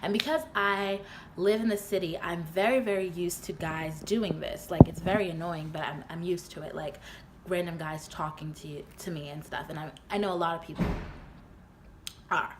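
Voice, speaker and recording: A young adult woman telling a storytime vlog, chatty and full of fillers, her voice jumping high when she quotes her own disbelief. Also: fairly even intonation, moderate pace, noisy background. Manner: chatty, filler-heavy, often laughing. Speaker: vlogger. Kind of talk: storytime retelling.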